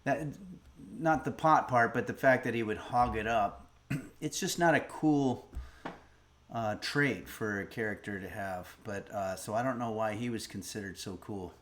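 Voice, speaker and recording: A man's voice: on the low side, unhurried, fairly bright tone, slight background noise. A middle-aged man hosting a livestream, musing aloud in a rambling, casual way as he reads donations and a recipe. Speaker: streamer host.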